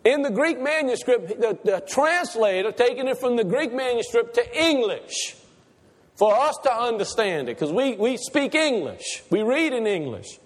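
A man's voice: extremely high pitch, big pitch swings, moderate pace. A man preaching a sermon to a congregation, asking them questions and repeating his points for emphasis. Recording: reverberant church hall.

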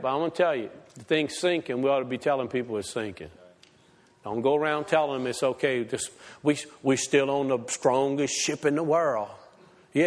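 A man preaching a sermon, swinging from fired-up, high exclamations to low, quiet asides. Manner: impassioned, swings from shouting highs to low asides. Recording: long hall reverb.

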